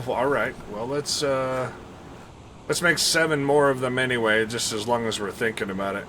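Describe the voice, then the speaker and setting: Man, game streamer, bright edgy tone, casual commentary, thinks out loud, chatty with viewers. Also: medium pitch, normal speed, slight background noise. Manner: chatty, thinks out loud and counts aloud, laughs often, talks to viewers. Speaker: live streamer.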